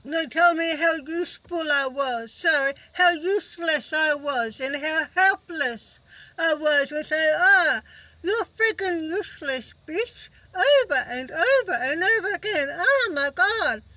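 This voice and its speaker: A woman talking to camera in a personal vlog, halting and emotional, with many fillers. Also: high-pitched, lively intonation, pushed and bright, no room sound. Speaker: vlogger. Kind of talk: personal recovery vlog monologue.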